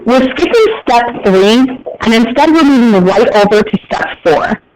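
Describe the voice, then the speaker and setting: A man's voice: extremely high pitch, expressive, a little slow, background noise. A man with an American accent teaching a class, explaining terms in a chatty way with joking asides to his students. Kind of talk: classroom lecture.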